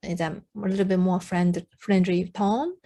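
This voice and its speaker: A woman with a Japanese accent, a native Japanese speaker, tutoring beginners. She explains slowly in simple English with many ums and says phrases for learners to repeat. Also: lowish voice, fairly even intonation, creaky, mellow. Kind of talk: online language lesson.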